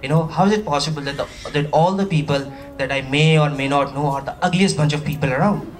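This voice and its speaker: A man from Pakistan doing a chatty, animated stand-up routine, with playful asides to a live audience. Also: a little high, fast, far from the mic. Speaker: stand-up comedian. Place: comedy stage before a live audience.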